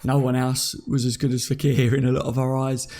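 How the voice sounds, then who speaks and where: Gravelly joking man hosting a live chat. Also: medium pitch, completely flat delivery, brisk, warm tone. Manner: jokey, laughs often. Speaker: podcast host. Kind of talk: casual chat reading live comments.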